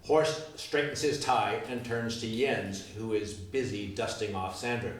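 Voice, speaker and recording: A man narrating the stage directions of a musical reading, lively and expressive. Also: on the low side, unhurried, distant mic. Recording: roomy live recording from afar.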